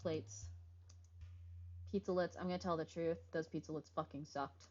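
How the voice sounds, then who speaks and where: Playing a game on stream, a woman reads out dialogue choices with joking asides and frequent cursing. Her low, fairly even voice is a little mellow and moderately paced; the audio is slightly dull lo-fi with faint music behind it.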